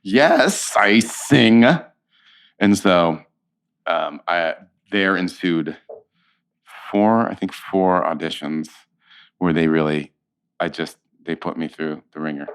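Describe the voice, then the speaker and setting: A man in his fifties with a deep, resonant voice talks as an actor guest on an interview show. He spins his anecdotes with animation and often stops mid-phrase to correct himself. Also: clean tone. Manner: animated anecdote-teller, quick self-corrections. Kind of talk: casual interview storytelling.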